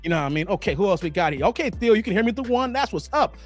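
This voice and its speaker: A man around forty hosting a casual livestream, slangy and animated, laughing and chatting with viewers. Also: high voice, rapid-fire, faint music behind. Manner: animated, slangy, laughs often, chats with the chat. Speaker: livestream host. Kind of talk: casual livestream chat reading viewer comments.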